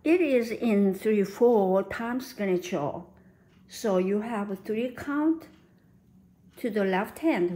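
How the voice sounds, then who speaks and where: Woman teaching piano, slow. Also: medium pitch, lively intonation, dark tone. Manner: counts beats and sings rhythms aloud. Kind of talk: piano lesson instruction. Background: piano playing.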